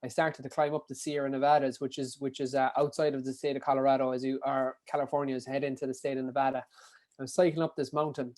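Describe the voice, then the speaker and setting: Fast-talking Kerry Irish man. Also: medium pitch. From Ireland. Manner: animated, swears casually, many fillers. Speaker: podcast guest, endurance athlete. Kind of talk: casual storytelling.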